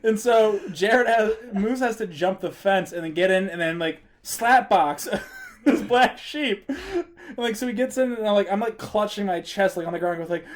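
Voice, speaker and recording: A man co-hosting a casual podcast, telling a story in an animated way and laughing as he goes. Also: high-pitched, moderate pace. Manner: animated, acts out his own story with laughter. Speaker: podcast co-host.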